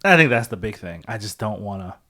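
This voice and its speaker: A man's voice: lowish voice, fairly quick. A man co-hosting a podcast, chatting casually and thinking aloud, with the odd curse. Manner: animated, swearing, thinks aloud. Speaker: podcast co-host. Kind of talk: casual chat.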